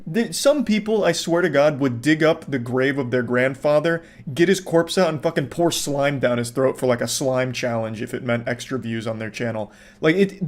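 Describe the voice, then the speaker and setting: Male reaction host, deadpan, dry, swears freely. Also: mid-range voice. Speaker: online video reaction host. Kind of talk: sarcastic reaction commentary.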